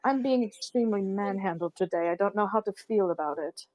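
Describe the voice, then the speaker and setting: A woman's voice: mid-range voice, a little fast, darkish tone, dry recording, lightly acted. Woman doing awkward naive triton guy, rambling, hesitant, earnest.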